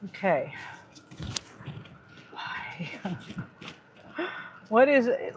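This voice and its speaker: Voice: mid-range voice, expressive, drawn-out words, pauses often, a little hiss or hum. A gig delivery driver vlogging to viewers, sighing and muttering in exasperation at a glitching phone. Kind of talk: casual vlog talking to viewers.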